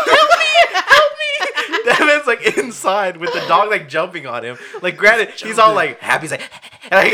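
A man co-hosting a podcast, telling a story in casual chat and laughing through it. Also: sits high. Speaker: podcast co-host. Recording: noisy background.

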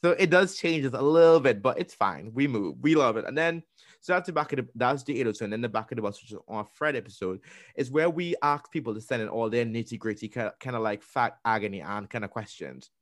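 Animated man telling stories. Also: medium pitch, fast, no echo, clean studio sound. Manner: animated storytelling, acting out quotes with restarts. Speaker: podcast co-host. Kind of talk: casual interview chat.

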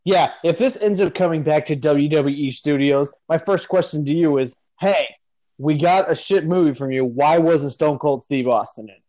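A man's voice: fairly high pitch, normal speed, warm tone, poor audio. A man co-hosting a casual movie chat, joking around and swearing. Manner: joking and profane. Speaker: podcast co-host.

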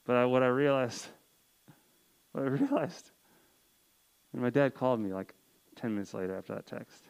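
This sermon comes from a campus ministry speaker, a young man in his twenties who earnestly recounts a personal story to a campus group, using casual "like" fillers. His medium-pitched, darkish, smooth voice has lively intonation and a normal speed with long pauses, captured on a rough recording.

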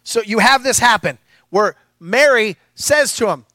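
A male pastor preaching a sermon in a playful, animated way, with asides to his congregation. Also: high-pitched, unhurried, no room sound.

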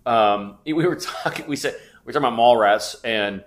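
A man's voice: mid-range voice, moderate pace. A man in his fifties, a podcast co-host, telling a rambling story in casual chat and swearing freely. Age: 50s.

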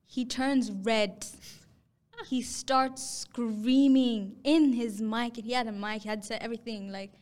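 Young woman, podcast host, higher voice, animated storyteller who acts out quotes. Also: unhurried. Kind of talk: casual storytelling chat.

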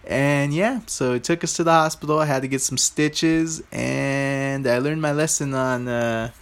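A man's voice: medium pitch, fairly even intonation, measured pace, clear, resonant tone. A man hosting his own podcast, telling loose, rambling stories in a casual, informal way and often speaking to his listeners directly. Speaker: podcast host.

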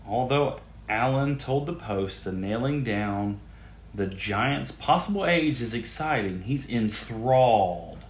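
A man's voice: mid-range voice, slow pace, a little hiss or hum. Crude guy riffing on weird news, voice jumps all over, echoey room. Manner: crude, incredulous, animated outbursts. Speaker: podcast host. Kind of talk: profane comedic news riffing. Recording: roomy echo.

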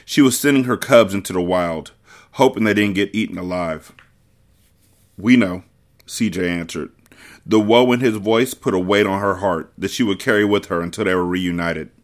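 A man hosting a book podcast, reading a novel aloud with measured, expressive narration. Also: low voice.

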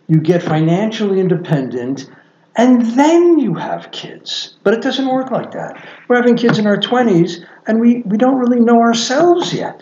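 A man in his sixties, a podcast guest and father, telling a reflective story earnestly with lively swings in pitch. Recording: echoey, dull lo-fi sound.

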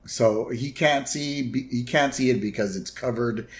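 A man co-hosting a podcast, casually recapping a cartoon episode and briefly mimicking its characters. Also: measured pace. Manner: retells scenes, briefly mimicking characters in higher voices. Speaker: podcast co-host.

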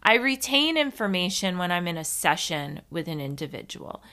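A woman's voice: fairly low pitch, very animated, moderate pace, bright, forceful tone. A woman hosting a podcast on her own, chatting casually in a rambling, self-mocking way with some swearing. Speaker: podcast host. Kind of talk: casual solo podcast chat.

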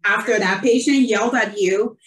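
A woman's voice: medium pitch, normal speed. A woman nurse hosting an online interview show, talking casually and effusively with many fillers. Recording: roomy, distant from the mic.

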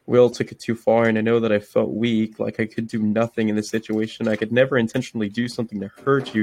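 A man's voice: lowish voice, level tone, fast talker, few pauses, a little mellow. A young man hosting a casual podcast, reading text messages aloud, swearing often and restarting his sentences. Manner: swearing, stops and restarts himself. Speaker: podcast host.

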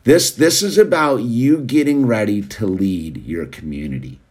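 A man's voice: fairly low pitch, expressive, unhurried, a little mellow, husky. A man hosting a show, rambling casually in a laid-back way and calling listeners "dude.". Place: California.

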